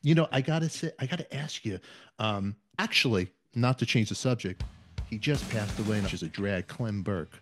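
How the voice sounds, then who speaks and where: Excitable Brooklyn host. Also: male voice, lowish voice, soft background music. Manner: excitable, fast, self-deprecating. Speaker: interview host. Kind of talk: casual interview chat.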